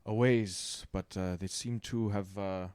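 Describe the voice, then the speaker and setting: A man playing a character in a tabletop game, giving hesitant, halting answers. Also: deep voice, steady tone, a little mellow, clear, resonant tone, no echo. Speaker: player.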